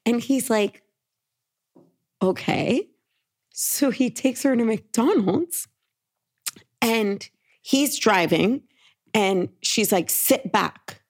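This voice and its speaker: A woman's voice: on the high side, extremely slow, long pauses. A woman co-hosting a podcast, telling a long story in casual chat and quoting everyone with "he's like" and "she's like". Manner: animated, quotes people with "he's like". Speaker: podcast co-host.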